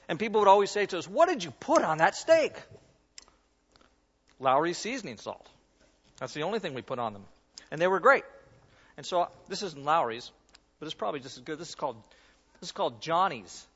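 Male pastor, high-pitched, casual demo-style preaching; muffled recording in a big echoing hall. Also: fairly bright tone. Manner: conversational, self-deprecating, demonstrates while talking. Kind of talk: sermon with a live object lesson. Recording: dull sound in a reverberant hall.

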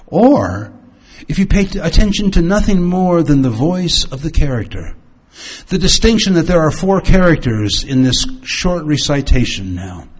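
A man preaching and teaching with storytelling. He swings his pitch and volume for dramatic effect. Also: animated, moderate pace. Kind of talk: sermon-style teaching.

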